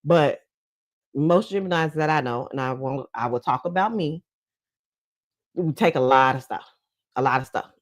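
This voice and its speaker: A woman's voice: sits low, lively intonation, moderate pace, pauses often, no echo. A woman giving casual commentary in a blunt, profane, chatty way, often breaking into laughs. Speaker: commentary vlogger.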